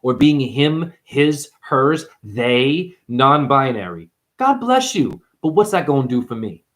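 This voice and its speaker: Preachy ranting man, lively pitch. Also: measured pace. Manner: preachy, confrontational, calls viewers honey. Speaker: numerology video host. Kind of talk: ranting monologue to camera. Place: apartment.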